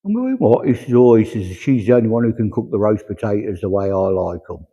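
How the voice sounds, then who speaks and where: A man working as a medium at a church service, chattily passing on spirit messages with a steady run of "he says". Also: fairly low pitch, fast talker, husky. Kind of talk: platform mediumship demonstration. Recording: echoey hall, dull lo-fi sound.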